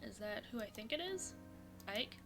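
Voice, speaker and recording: A young woman streaming a visual novel, reading the story and her character's lines aloud and breaking into animated, laughing reactions. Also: on the high side, normal speed, over music. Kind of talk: reading a game script aloud with commentary.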